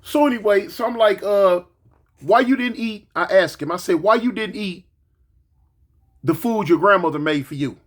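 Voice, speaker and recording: A grandfather in his forties tells a story in a casual, animated monologue, acting out the quotes and repeating words. He has a high voice and speaks at a moderate pace.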